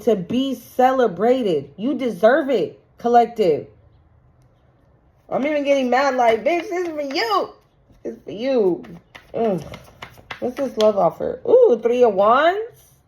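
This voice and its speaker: A woman's voice: a little high, darkish tone. A woman doing a casual tarot reading for her viewers, emphatic and profane. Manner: emphatic, profane, slow and drawn out. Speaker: tarot reader.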